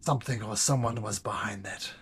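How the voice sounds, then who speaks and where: A man as game master, chatting and narrating a tabletop game with casual, animated storytelling. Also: on the low side, fairly quick, a little hiss or hum.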